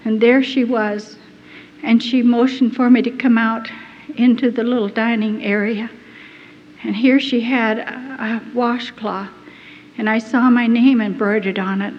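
A woman giving a personal testimony, telling her story in an earnest, halting and deeply moved way. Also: steady tone, darkish tone, a little hiss or hum. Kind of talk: emotional first-person storytelling. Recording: dull lo-fi recording in a reverberant hall.

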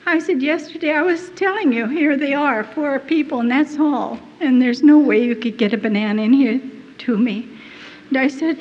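A woman's voice: on the high side, moderate pace, darkish tone, slightly rough. A woman telling her own story to an audience as an earnest, emotional testimony. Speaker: speaker giving a testimony. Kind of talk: first-person testimony to an audience. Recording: dull lo-fi hall recording with faint noise.

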